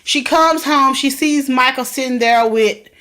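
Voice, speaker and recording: Excitable woman vlogger, fairly high voice. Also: a little slow. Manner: chatty and excitable, talks straight to viewers. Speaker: vlogger recapping a TV drama. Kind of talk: casual TV recap vlog.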